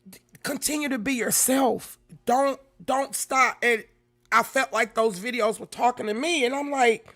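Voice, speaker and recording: A woman hosting a casual livestream, greeting viewers by name and shifting between loud exclamations and quiet, emotional talk. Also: a little high, a little slow. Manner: emotional, swings from loud exclamations to soft near-whispers; talks straight to chat, greeting viewers by name. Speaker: YouTube livestream host.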